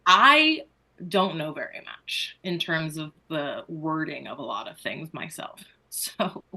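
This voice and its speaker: A woman guest on a podcast, unhurried and giggly, talking through her own story. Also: low voice, animated, sharp tone, poor audio. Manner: unhurried, giggly, self-correcting. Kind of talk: casual podcast chat.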